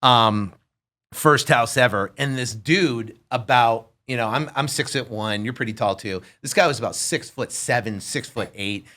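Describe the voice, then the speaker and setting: This podcast guest, a man in his fifties, spins a story during a laid-back chat, animatedly performing the voices of its characters. His voice is mid-range and his pace moderate.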